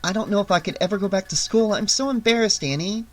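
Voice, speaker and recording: A reader voicing a shy, sensible teenage girl babysitting, speaking softly and gently. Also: medium pitch, quick pace, faint music behind, pitched above the performer's own voice, lightly acted. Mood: embarrassed. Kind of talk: audiobook character voice.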